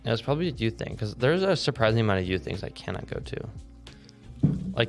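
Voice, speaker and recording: A young man co-hosting a podcast, rambling and joking through animated stories in casual chat. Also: medium pitch, quick pace, faint music behind. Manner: rambling, jokey, animated storytelling. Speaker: podcast co-host.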